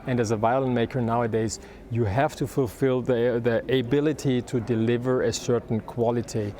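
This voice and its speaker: A man's voice: mid-range voice, steady tone, normal speed, warm tone, slight background noise. A man, a violin maker talking casually in an interview, sometimes searching for English words. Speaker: luthier, shop owner.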